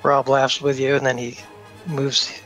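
Dude playing a tabletop game, halting, thinking out loud, faint music behind. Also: male voice, mid-range voice, little pitch movement, poor audio. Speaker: player.

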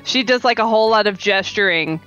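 A woman's voice: mid-range voice, brisk, fairly bright tone, smooth, muffled recording, soft background music. A woman playing a tabletop game, giggling as she describes what her character does. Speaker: player. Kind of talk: casual tabletop play.

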